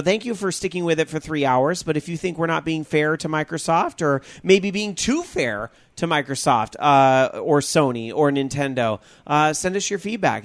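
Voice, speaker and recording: A man's voice: on the high side, dry recording. Chatty male podcast host, dry sound. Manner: chatty, rambling with fillers. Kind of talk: casual podcast sign-off.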